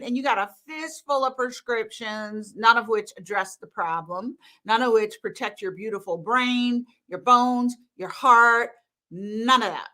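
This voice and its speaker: Bright, lively woman coach laughing. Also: fairly high pitch, measured pace. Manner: animated, laughing, blunt and emphatic. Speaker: hormone coach hosting a live stream. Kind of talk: casual live-stream talk to viewers.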